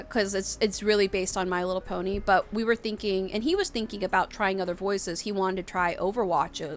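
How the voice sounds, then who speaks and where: A woman's voice: medium pitch, a bit bright, slight background noise. A young woman streamer chatting casually on a live stream, rambling with lots of fillers. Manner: rambling, full of fillers and restarts. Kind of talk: casual livestream chat.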